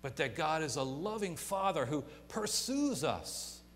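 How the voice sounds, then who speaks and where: A pastor delivering a sermon, swinging from quiet to loud and emphatic and acting out imagined people. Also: male voice, a little high, very animated, unhurried. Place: church sanctuary. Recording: long church reverb, faint hum.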